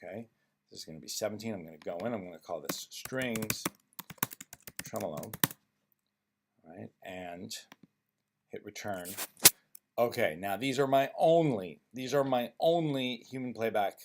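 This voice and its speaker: Man talking through a software tutorial. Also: fairly low pitch, lively intonation, a little slow, long pauses, very noisy. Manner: informal, thinking aloud, many ums and restarts. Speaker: music software tutorial presenter. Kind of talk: screen-recorded software tutorial.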